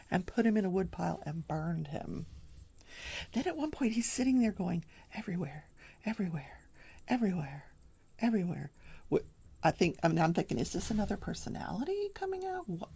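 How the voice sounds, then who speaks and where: An older woman hosting a daily crafting show, recapping a trial in casual chat with animated storytelling and hushed asides. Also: mid-range voice, creaky, breathy edge. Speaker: daily crafting and true crime show host.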